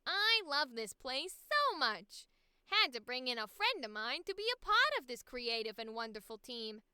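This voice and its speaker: A woman's voice: high voice, big pitch swings, normal speed, sharp tone, clear, resonant tone, no room sound, studio quality, full character voice. A woman voicing an overly sweet, cheerful female crafts worker with a nasal, giggly, chummy manner in a voice acting audition. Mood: gushing.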